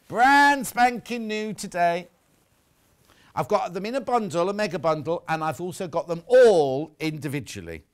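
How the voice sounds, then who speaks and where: A middle-aged man presenting fabrics on a live shopping show, chatty and teasing. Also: high-pitched. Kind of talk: live sales presentation with chat.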